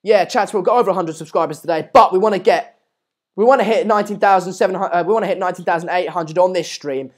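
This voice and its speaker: A man's voice: sits high, quick pace. Chatty man on a live stream. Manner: chatty and rambling, with many fillers and restarts; repeatedly urges viewers to subscribe. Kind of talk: casual live match watchalong commentary.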